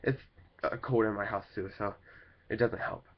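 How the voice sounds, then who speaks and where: Sick with a cold at home, a young vlogger rambles casually about his life, leaning heavily on "like" and "kinda thing." His voice is fairly low, fairly even and moderately paced, in a dull lo-fi home recording.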